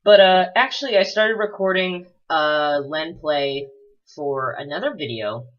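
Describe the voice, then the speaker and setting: A man's voice: fairly high pitch, measured pace. A man giving rambling, casual let's-play commentary full of fillers and the odd swear word. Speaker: gameplay commentator. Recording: dull lo-fi recording.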